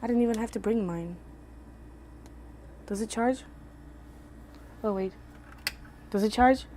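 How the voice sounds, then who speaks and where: Young female streamer, slightly high voice, lively storyteller, casual chat into a phone. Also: slow, a little hiss or hum. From Belgium. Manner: animated, lively storyteller with big jumps for quoted voices. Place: indoors at home. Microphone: phone on a gimbal.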